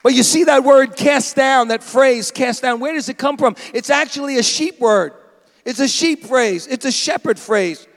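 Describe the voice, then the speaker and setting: A man preaching a sermon as pastor, dramatic and animated, now and then acting out a bleating sheep. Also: very high voice, normal speed, big-room sound. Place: church sanctuary.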